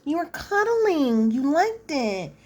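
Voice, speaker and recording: A woman voicing a shrill, dismissive young woman who argues back in a high, drawn-out, mocking way. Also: sing-song, a little mellow, full character voice.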